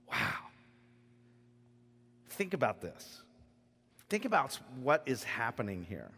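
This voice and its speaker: A pastor giving a sermon with lively, animated delivery that swings between hushed reflection and loud emphasis. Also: male voice, mid-range voice, measured pace, long pauses, breathy edge. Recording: long reverb of a large hall.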